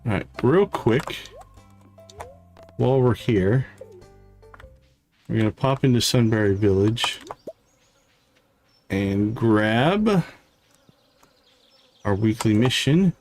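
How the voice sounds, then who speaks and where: A man hosting a livestream, chatting casually with fillers and quick asides as he plays. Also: on the low side, lively intonation, a little mellow. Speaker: livestream host. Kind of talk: casual game commentary. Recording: faint game music behind.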